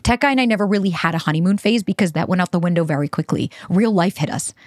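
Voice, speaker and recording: In a clean, dry studio recording, a woman with a lowish voice talks fast while hosting a podcast. Her casual monologue comes across as candid and conversational.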